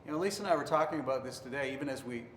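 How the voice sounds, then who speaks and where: A man's voice: mid-range voice, animated, very fast. A man pastor giving an earnest marriage devotional teaching, sometimes acting out accusing tones to make a point. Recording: roomy reverberant hall, faint noise.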